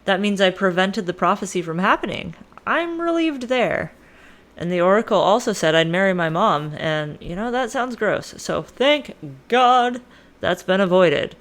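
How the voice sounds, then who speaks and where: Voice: mid-range voice, lively intonation, normal speed, fairly bright tone. A storyteller voicing a crude, panicky young king who swears and talks in modern slang. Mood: worried. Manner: slangy, profane, exasperated.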